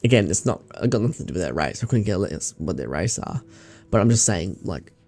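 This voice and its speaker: A young Australian man talks straight to camera in a loose vlog ramble, full of slang and swearing. His voice is gravelly and sits on the dark, mellow side. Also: deep voice, big pitch swings, a little fast. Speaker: vlogger. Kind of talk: casual rambling chat.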